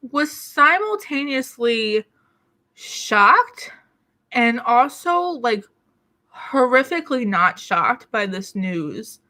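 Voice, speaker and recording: With a mid-range, fairly bright voice, this woman rambles through a casual home vlog, self-deprecating and a little breathless, coughing every so often. She is a beauty YouTuber recording in a small city apartment alcove.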